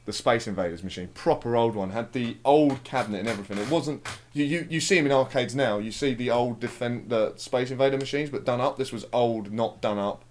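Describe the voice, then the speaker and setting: A man's voice: medium pitch, a little fast, few pauses, slight background noise. A young man, chatting casually over a game and telling a rambling, sweary story full of fillers. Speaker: let's play commentator. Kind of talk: casual chat over gameplay.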